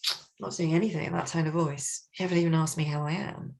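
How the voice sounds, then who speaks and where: A woman doing a touchy, slow-moving coworker. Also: low voice, fairly even intonation, gravelly. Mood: offended. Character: sensitive, slow, easily offended office colleague.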